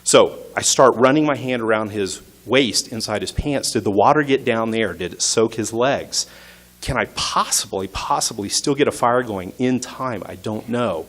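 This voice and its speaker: A man's voice: on the low side, moderate pace, a bit bright. A man telling a true story on stage at a story slam, in short punchy sentences with rising intensity. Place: stage at an arts center.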